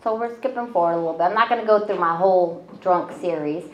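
Speaking quickly in a fairly low voice, a woman chats about her own life in a self-deprecating way, leaning heavily on fillers. There's slight background noise, and the recording is roomy and somewhat dull.

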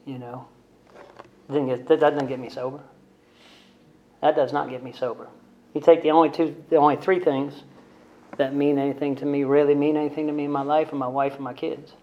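A man's voice: on the high side, flat delivery, a little fast, pauses often. Blunt, candid man on a muffled recording. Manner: conversational and blunt, with frequent "right?" and "man" tags; self-deprecating humor. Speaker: speaker sharing his recovery story. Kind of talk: candid storytelling talk to a group. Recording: dull lo-fi recording.

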